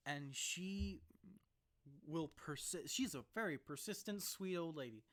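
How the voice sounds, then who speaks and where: A young man vlogging casually into a laptop mic, rambling and laughing as he talks, sometimes rushing and sometimes slowing down. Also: fairly high pitch, a bit bright. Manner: rambling, laughs often, jumps between fast and slow. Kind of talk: casual to-camera vlog.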